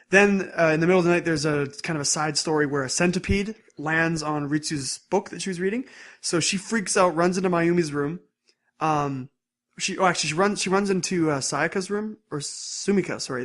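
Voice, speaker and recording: A young man recaps episodes for his podcast in a loose, rambling way. His voice sits a little high, and he talks casually and animatedly. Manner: rambling, animated, acts out scenes in bursts. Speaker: podcast co-host.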